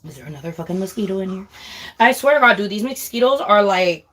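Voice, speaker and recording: A woman's voice: mid-range voice, expressive, fast, fairly bright tone. A young woman in her twenties chatting casually to her viewers in a blunt, heavily profane, emphatic way, often calling them girl. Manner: emphatic, ranting. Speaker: livestreamer.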